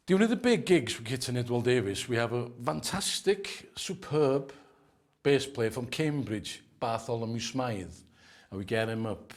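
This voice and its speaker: A man giving a comic drum masterclass as an earnest, deadpan instructor who rambles and often drops into quiet asides. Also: mid-range voice.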